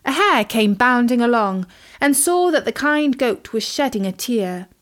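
Woman, storybook narrator, fairly high voice, slow measured reading. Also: lively intonation.

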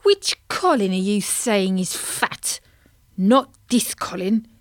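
A woman's voice: medium pitch, sing-song, takes it slowly, no echo, studio quality. A woman voicing a grumpy, pompous male carp who is big and vain, talking in a huffy, self-important way. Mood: indignant.

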